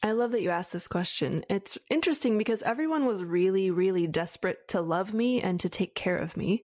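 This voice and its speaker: A woman's voice: medium pitch, fairly quick, darkish tone, no room sound. A woman coach speaks in a mid-range voice. She tells her story in an earnest, reflective, flowing way. The recording is dry and close. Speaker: life coach for widows. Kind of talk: conversational interview answers.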